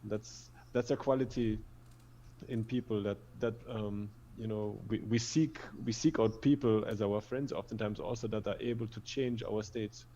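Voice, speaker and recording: A man on a podcast panel, reflective and hesitant, circling back over his words as he thinks. His voice is low and quite flat. The sound is dull and lo-fi, with a faint hum of room ambience behind it. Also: moderate pace. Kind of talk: casual panel chat.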